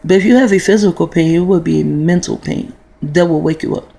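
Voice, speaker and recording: A woman's voice: on the low side, a little fast, vocal fry, mellow, breathy edge. A woman in her forties telling a long, rambling, profane story in a casual vlog monologue, full of restarts. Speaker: vlogger.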